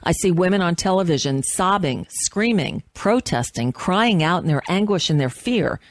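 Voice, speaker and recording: Low-voiced woman reading with feeling. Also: expressive, normal speed, dry recording. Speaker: radio host. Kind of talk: dramatic reading of an essay.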